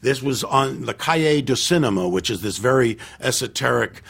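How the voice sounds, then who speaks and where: An older man, a film director guest on a podcast, telling animated anecdotes, acting out other people's lines and restarting his sentences with lots of fillers. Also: mid-range voice, normal speed, vocal fry, slightly rough. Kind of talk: casual storytelling interview.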